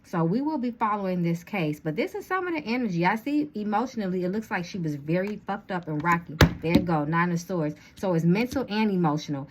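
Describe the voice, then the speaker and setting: A woman's voice: fairly low pitch, animated, fairly quick, hardly any pauses, very noisy. A woman reading tarot cards to her viewers in a casual chatty way, with a slight lisp from dental retainers. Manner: chatty, addresses viewers as y'all, thinks aloud. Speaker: tarot reader.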